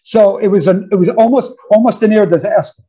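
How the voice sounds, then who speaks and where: A man in his fifties with a New York accent, a guest musician telling stories in a casual interview, animated and acting out counts and quotes. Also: high voice, a little fast, breathy edge, dull audio. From United States. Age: 50s. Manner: animated storyteller, acts out counts and quotes, says "man" often.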